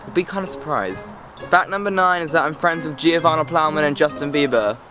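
A man's voice: on the high side, fairly quick, sharp tone, faint music behind. A teenage boy from England, chatting to camera outdoors in a sarcastic, rambling, easily distracted way. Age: teens. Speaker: vlogger. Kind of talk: casual chat to camera.

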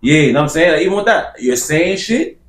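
A man on a casual podcast, telling his side with animated stories and plenty of swearing. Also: on the high side, fast talker, reverberant. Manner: animated storytelling, swears freely.

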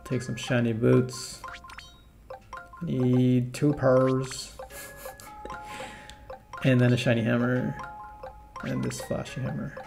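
Gravelly, chatty man playing a game. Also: medium pitch, flat delivery, takes it slowly, long pauses. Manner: rambling, chatty, laughs at own jokes. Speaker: gaming channel host. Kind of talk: casual let's-play commentary. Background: game music.

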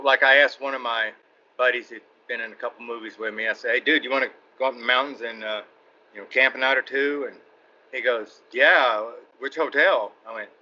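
A man's voice: mid-range voice, pushed and bright. A middle-aged man from East Texas with a Southern Texan accent, a guest actor telling rambling stories in a casual interview and laughing between anecdotes. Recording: muffled podcast audio with faint hiss.

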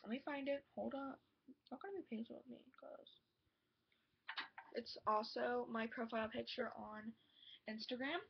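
A teenage girl telling a rambling, excited storytime vlog, gushing and full of "like" and "oh my god". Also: fairly high pitch, normal speed, vocal fry, pauses often, breathy edge. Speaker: vlogger. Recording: dull lo-fi home video audio.

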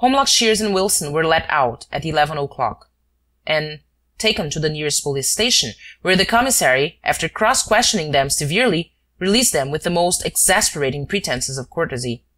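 A woman narrating a classic story as an audiobook in steady storytelling. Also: low voice, fairly quick. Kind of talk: scripted narration.

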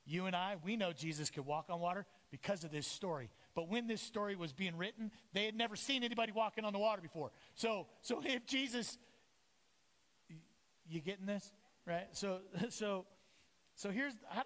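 Pastor guy preaching, pretty high voice, acts out bible characters, big church reverb. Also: fairly quick. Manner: animated, acts out voices of the disciples and Jesus. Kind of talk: lively sermon. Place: church sanctuary. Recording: echoey church hall.

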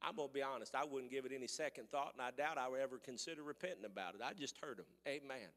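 A man with a Missouri accent preaching a sermon in folksy rural speech, swinging from quiet storytelling to shouted preaching. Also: medium pitch, fast, big-room sound.

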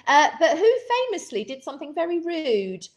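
Giggly woman, lively. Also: high voice, normal speed. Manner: chatty, giggly, theatrical. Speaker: co-host. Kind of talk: casual chat.

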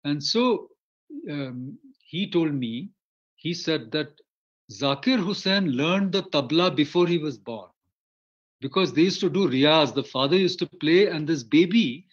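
A man with an Indian English accent gives a storytelling lecture over a video call, rambling with many fillers and restarts. His voice sits a little high for a man. The audio is muffled and lo-fi. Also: lively intonation, unhurried.

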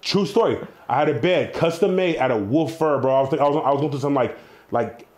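A young man telling wild stories in a casual interview, animated, slangy and full of swearing. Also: medium pitch, fairly quick. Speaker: interview guest, entrepreneur.

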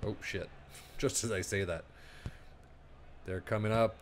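A man casually commenting on his own football management game as he plays, thinking aloud and breaking into quick play-by-play. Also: lowish voice, steady tone, slight background noise. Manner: chatty, rambling, thinks aloud, bursts into play-by-play. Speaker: gaming YouTuber.

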